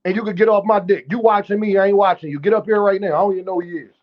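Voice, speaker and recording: Talking very fast in a high, steady voice, this boxing livestream host trash-talks with brash profanity. He speaks straight to his chat and singles out viewers, and the stream audio is dull and lo-fi.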